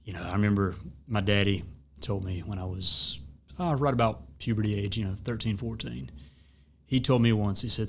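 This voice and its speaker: A man's voice: fairly low pitch, normal speed, slight background noise. A man with a Southern US accent hosting a podcast, talking in a rambling way with lots of fillers. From American South. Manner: discursive, many fillers and restarts. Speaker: podcast host. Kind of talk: casual conversation.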